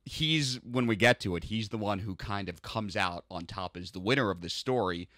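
Man, podcast co-host, lowish bright voice, agreeable retelling, dry sound. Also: normal speed, dry recording. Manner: agreeable, retells the plot in a relaxed way. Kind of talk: casual chat.

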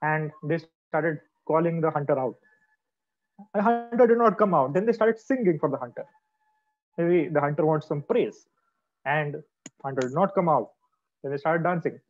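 A male storyteller narrating a folk tale to children, dramatic and expressive. His voice sits a little high. It comes through a video call with dull, lo-fi audio. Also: normal speed, long pauses.

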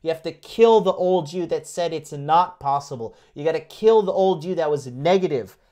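A man's voice: on the high side, lively intonation, moderate pace, mellow. A man hosting a livestream as a dating coach, delivering a brash, profane motivational rant with hammering repetition and mocking whiny voices.

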